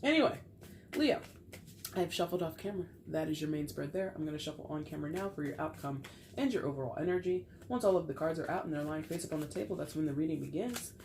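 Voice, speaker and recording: A woman's voice: sits low, animated, fast talker, a little mellow, a little hiss or hum. A woman giving a casual tarot reading to camera, chatty and playful with frequent laughter, while getting over a cold. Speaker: tarot reader.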